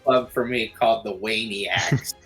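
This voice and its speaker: A man's voice: on the low side, fairly even intonation, a little slow, fairly bright tone, slightly rough, soft background music. A man chatting at a tabletop game with dry, teasing humor. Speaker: player. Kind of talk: casual chat at a tabletop game.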